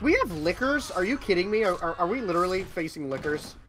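A man playing a co-op zombie shooter, reacting excitably to what he sees. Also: high-pitched, fast talker. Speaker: co-op player. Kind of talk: casual gameplay chat.

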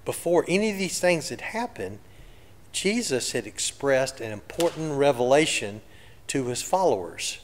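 A man's voice: medium pitch, sing-song, moderate pace, in a large hall, a little hiss or hum. A man preaching a sermon in a reflective, conversational way. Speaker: pastor. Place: church sanctuary.

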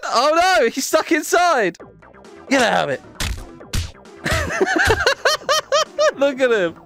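A young man hosts a gaming video, giggling often and teasing players as he delivers playful commentary on his gameplay. His voice is very high and creaky with big pitch swings, he speaks unhurriedly, and music plays in the background.

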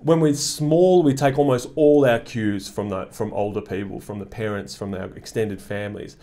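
A man's voice: lowish voice, fairly even intonation, normal speed, warm tone. A man giving a reflective monologue to camera, explaining his ideas in a thoughtful way with frequent "uh" fillers. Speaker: commentator. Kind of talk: reflective talking-head monologue.

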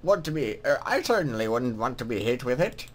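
Brief: thoughtful goblin scribe, read by a man, slow and measured, near his own voice. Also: mid-range voice, big pitch swings, fairly bright tone, pitched below the performer's own voice. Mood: pondering. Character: male goblin scribe, scholarly and calm.

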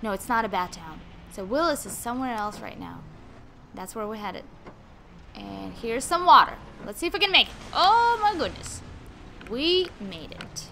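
A high, bright-voiced woman giving let's play commentary. She chats along and talks straight to the characters on screen, her pitch bouncing about, with a faint hiss behind. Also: lively intonation, moderate pace. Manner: chatty, talks to game characters. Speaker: gaming video host.

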